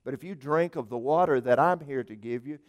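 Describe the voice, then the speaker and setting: A man's voice: medium pitch, a little fast. Earnest preacher man, emphatic repetition. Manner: earnest, emphatic, repeats key phrases; occasional restarts and filler words. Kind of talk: evening sermon.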